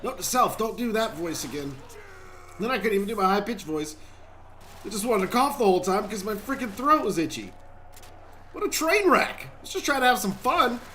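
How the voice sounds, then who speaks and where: A man's voice: high-pitched, big pitch swings, moderate pace, sharp tone, slight background noise. A man hosting a gaming channel, giving chatty, rambling gameplay commentary and talking straight to viewers.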